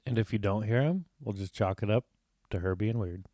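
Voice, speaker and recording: A man's voice: lowish voice, brisk, warm tone, no room sound, clean studio sound. A man co-hosting a casual true crime podcast with laid-back, joking banter, recording in a small hotel room. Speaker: podcast co-host.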